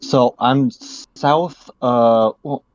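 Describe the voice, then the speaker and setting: A man's voice: mid-range voice, drawn-out words, no echo, dull audio. A man from Minnesota calling in to a livestream, giving short, hesitant answers with fillers. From Minnesota, USA. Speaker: caller. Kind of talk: casual call-in chat.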